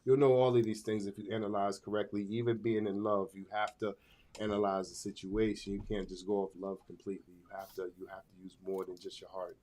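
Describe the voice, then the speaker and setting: Speaking a little fast in a dark, level tone on the low side, this podcast co-host makes his case emphatically in a casual chat, circling back over the same phrases while he works out what he means.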